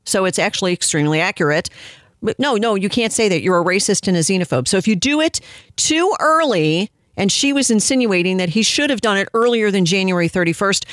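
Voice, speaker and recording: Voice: mid-range voice, a bit bright, no room sound, studio quality. A political commentator giving indignant, sarcastic opinion commentary on a press clip. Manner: indignant, sarcastic, mocks quoted voices.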